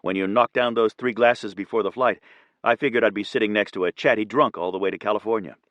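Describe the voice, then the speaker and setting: A male narrator voicing an exhausted, kind businessman who teases gently. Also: fairly low pitch, fairly even intonation, quick pace, dry recording, natural voice. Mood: tired, warm. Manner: gentle teasing.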